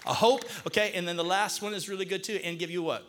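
This high-pitched man talks at a quick pace while preaching a call-and-response sermon in church. As a pastor, he animatedly prompts the congregation to say scripture back to him.

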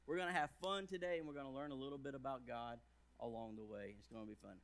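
A man's voice: fairly even intonation, fast, fairly bright tone. A man in his thirties, a pastor giving a playful children's sermon with jokes and big swings in his voice. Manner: playful, jokey, big swings in pitch and volume.

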